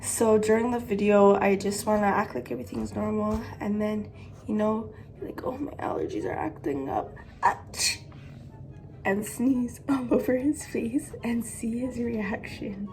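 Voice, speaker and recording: A woman's voice: a little high, fairly even intonation, moderate pace, darkish tone, a little hiss or hum. A young woman chatting casually to her camera as a vlogger, giggly and full of fillers, with a stuffy nose from allergies. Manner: giggly, talks with lots of fillers. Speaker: vlogger pranking her boyfriend.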